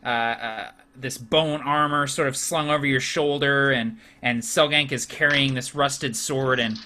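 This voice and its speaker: A man's voice: medium pitch, steady tone, measured pace, bright, forceful tone, slight background noise. A man narrating a tabletop game as game master in a casual way, with frequent fillers and restarts.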